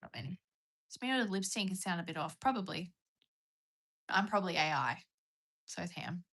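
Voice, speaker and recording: On a live stream, a young woman with a rural Australian accent chats casually, reads out comments and rambles, sometimes dropping into a whisper. Her voice sits on the low side, with a fairly bright tone, and she talks animatedly at a fairly quick clip.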